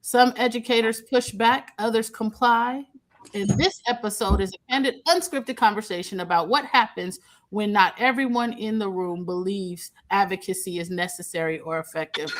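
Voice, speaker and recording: Hoarse woman hosting a talk show. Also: mid-range voice, moderate pace. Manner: lively, chatty, laughs easily. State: hoarse from a cold. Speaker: host. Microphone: remote, not in the studio.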